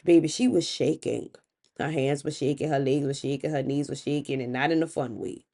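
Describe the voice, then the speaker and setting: A woman hosts a podcast and retells an old myth in a relaxed, chatty style. Her voice is mellow and warm, and she breaks in with playful, slangy asides. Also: extremely low pitch, brisk, vocal fry. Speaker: podcast host. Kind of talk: casual storytelling of myths.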